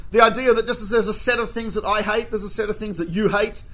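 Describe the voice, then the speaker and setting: High, bright-voiced man teaching. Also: fairly even intonation, quick pace. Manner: anecdotal, peppered with rhetorical "right?". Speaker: religious teacher. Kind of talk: Torah lesson.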